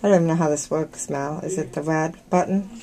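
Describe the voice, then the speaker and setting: A middle-aged mother reassuring her daughter in a gentle, soothing way. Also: sits low, fairly even intonation, quick pace, noisy background.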